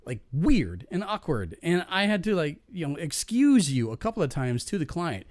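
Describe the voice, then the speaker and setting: A man rambles through a foul-mouthed work anecdote in a relaxed podcast conversation, frequently restarting sentences and cracking up at his own punchlines. Big pitch swings take him from low grumbles to sudden high bursts, at a moderate pace and with a darkish tone. He sits close and dry on the mic, with no room sound.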